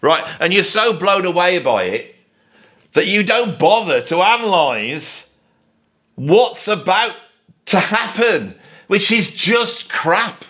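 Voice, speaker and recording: A man's voice: sits high, very animated, slow, a bit bright. A man giving ranting, sarcastic commentary on music as a video host. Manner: sarcastic, exasperated.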